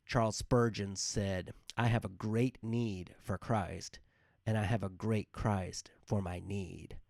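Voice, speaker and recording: Earnest low-voiced man giving a devotional talk. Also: steady tone, slow pace, gravelly, a little mellow, no echo, studio quality. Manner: earnest, with frequent fillers and repeated words. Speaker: devotional podcast host.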